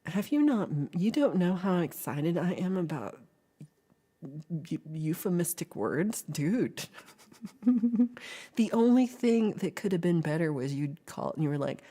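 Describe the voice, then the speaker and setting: A woman's voice: on the low side, big pitch swings, unhurried, dark tone. A woman hosting a casual livestream chat, playful and giggly, now and then dropping into whispers as she talks to her viewers. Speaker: livestream host.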